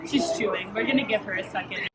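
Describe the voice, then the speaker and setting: A woman's voice: medium pitch, fast, heavy background noise. A seventeen-year-old girl hosting a casual vlog at an outdoor wildlife park, bubbly and giggly as she introduces fans at a meet and greet.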